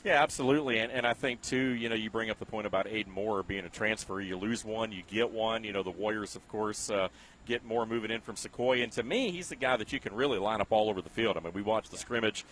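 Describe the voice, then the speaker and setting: Rapid-talking veteran football announcer. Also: male voice, fairly low pitch, fairly bright tone, slight background noise. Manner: easygoing, laughs often, rambling. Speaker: play-by-play announcer. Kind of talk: high school football commentary.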